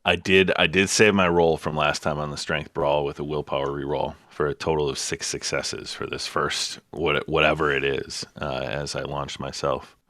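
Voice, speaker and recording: A man's voice: a bass voice, fairly even intonation, moderate pace, hardly any pauses, fairly bright tone, dry recording. A man playing a tabletop game, describing his moves and checking rules matter-of-factly. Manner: matter-of-fact rules talk. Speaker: player.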